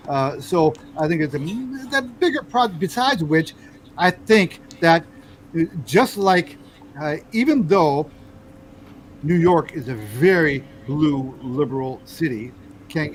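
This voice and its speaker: A man's voice: fairly high pitch, low-quality recording. Hesitant American man, faint background noise. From United States. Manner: hesitant, many fillers and restarts, pushes back. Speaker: host. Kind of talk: casual political chat.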